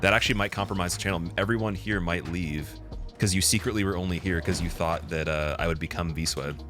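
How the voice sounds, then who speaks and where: A low-voiced man giving casual live-stream commentary while he plays. He chats with his viewers, laughs often and gets loud and excited. Faint music plays behind him. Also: a little fast. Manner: chatty and giggly, talks to chat, gets loud and excited. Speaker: game streamer.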